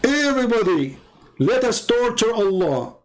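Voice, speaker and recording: Male stream host, high voice, emphatic polemical debater, broken English grammar. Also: big pitch swings, unhurried, low-quality recording.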